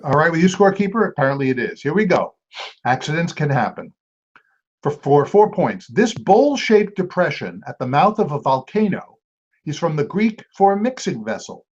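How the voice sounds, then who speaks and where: A man hosting a trivia quiz, reading clues aloud and repeating each one slowly. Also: a little high, very animated. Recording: dull lo-fi amateur recording.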